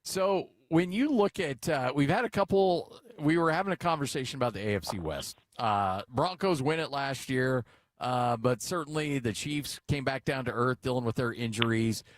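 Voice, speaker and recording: Dry-sounding middle-aged American radio host. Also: male voice, mid-range voice, moderate pace, dry recording. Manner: chatty, storytelling, joking. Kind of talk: casual sports talk.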